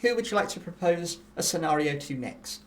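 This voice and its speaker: A woman's voice: lowish voice, lively intonation, a little fast. A woman hosting a comedic dating game in a bubbly, gushing way. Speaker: host.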